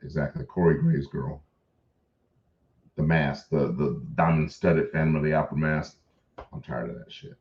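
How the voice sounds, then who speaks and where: A man's voice: rumbling low, fairly even intonation, moderate pace, long pauses, roomy sound, lo-fi sound. A man co-hosting a casual wrestling chat, blunt and swearing freely. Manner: blunt and profane. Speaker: podcast co-host.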